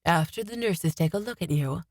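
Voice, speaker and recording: A woman voicing a worried, scolding middle-aged mother in an audiobook, in a measured way. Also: fairly low pitch, animated, no room sound, clean studio sound.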